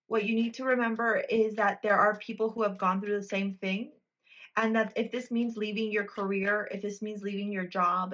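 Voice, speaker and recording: A woman with a medium-pitched, slightly bright voice reads tarot for a pick-a-card video. She addresses the viewer straight on, blunt and emphatic, cursing liberally.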